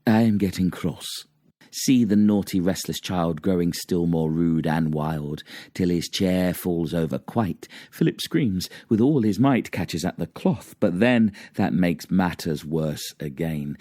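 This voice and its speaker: Low, slow-reading man reciting verse. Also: darkish tone, dry recording, studio quality. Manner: dramatic, rhythmic recitation. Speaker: reader. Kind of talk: reading old children's verse aloud.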